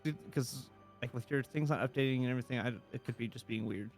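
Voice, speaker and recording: A man's voice: medium pitch, quick pace, soft background music. A man running a tabletop game as game master, casual and hesitant, with many fillers, then reading scene narration.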